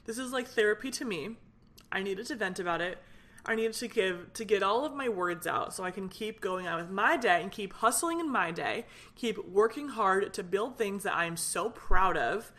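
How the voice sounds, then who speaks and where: A woman's voice: medium pitch, lively intonation, moderate pace, fairly bright tone. A young woman hosting her own solo podcast, talking in a fired-up, rambling way with lots of fillers. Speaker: podcast host. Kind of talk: casual solo podcast venting.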